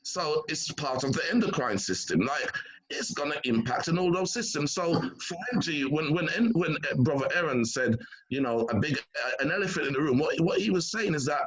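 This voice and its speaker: A man's voice: fairly high pitch, expressive, moderate pace, a bit bright, low-quality recording. A man speaking as a doctor on a health panel, talking with emphasis, often repeating words as he starts sentences and acting out the people he quotes. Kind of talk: animated panel talk.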